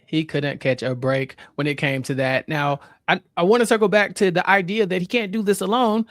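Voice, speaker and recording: High-voiced man recapping a film. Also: steady tone, brisk, fairly bright tone, dry recording, clean studio sound. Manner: easygoing, recaps plot in detail with quoted lines. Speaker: podcast host. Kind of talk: casual podcast chat.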